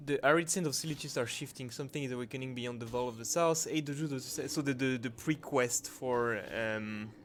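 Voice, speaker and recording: A man commenting on his gameplay, reading patch notes aloud in non-native English phrasing and breaking into excited exclamations. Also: medium pitch, fairly quick, hardly any pauses. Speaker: channel host. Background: background music.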